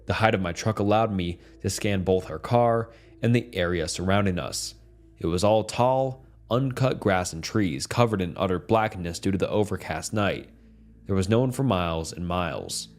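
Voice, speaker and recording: A man reading a dark first-person horror story as a calm, steady scripted narration. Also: sits low, normal speed.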